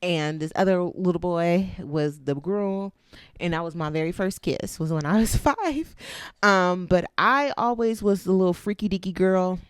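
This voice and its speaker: A woman's voice: lowish voice, measured pace, clear, resonant tone, dry recording. Candid, profane woman host, dry sound. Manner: candid and profane, with loose chatty tangents; laughs often while talking. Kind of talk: casual chat.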